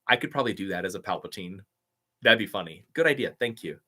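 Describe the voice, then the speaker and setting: A man's voice: sits low, lively intonation, fast, bright, forceful tone, slightly rough. A young man chatting casually on a live stream, reading out viewer comments and thanking people. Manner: upbeat, reads chat comments aloud and thanks viewers. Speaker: YouTube impressionist answering live chat.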